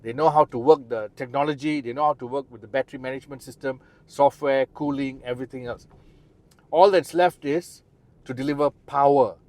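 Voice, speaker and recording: A man's voice: a little high, a little mellow, dry recording. A man giving a chatty, explanatory car review, talking straight to the viewer beside and inside the car. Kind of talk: casual car review walkaround.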